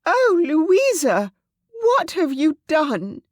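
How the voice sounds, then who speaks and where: A horrified gentlewoman cries out in anguish in a romance audiobook, as a woman narrator puts her on. Her voice is high and drawn out, and it trembles with shock. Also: huge pitch swings, takes it slowly, dry recording, clean studio sound, full character voice. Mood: distraught. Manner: wailing, horrified.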